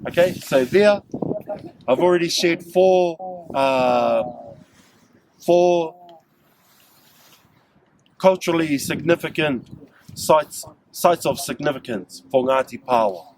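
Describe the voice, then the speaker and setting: A cultural guide from New Zealand talks a staff group through local sites outdoors, drawing them in with frequent questions. His slightly high, somewhat mellow voice moves slowly with many pauses, and there's a bit of background noise.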